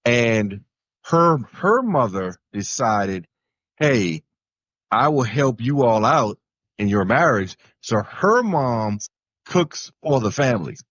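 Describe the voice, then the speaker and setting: A man's voice: mid-range voice, no echo. Easygoing man telling a story on a podcast. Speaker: podcast panelist. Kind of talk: casual podcast discussion. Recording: dull, dry recording.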